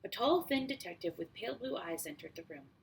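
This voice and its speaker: A woman narrating a first-person audiobook in a steady, measured way. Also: mid-range voice, creaky, a little hiss or hum, low-quality recording. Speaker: audiobook reader.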